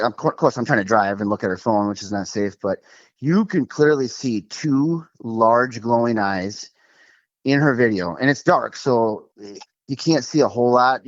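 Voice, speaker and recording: A man from Minnesota telling a story as a guest, animated and quick, with many fillers. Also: mid-range voice, no echo, highs cut off. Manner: animated, fast, lots of fillers like "like" and "um". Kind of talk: casual storytelling over a call.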